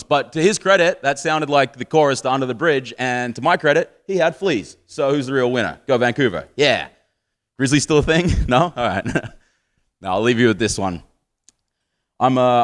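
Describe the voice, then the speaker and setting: Low-voiced Australian man doing stand-up. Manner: swearing, boozy, self-mocking banter with the crowd. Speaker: stand-up comedian. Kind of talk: stand-up comedy set. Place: comedy venue stage.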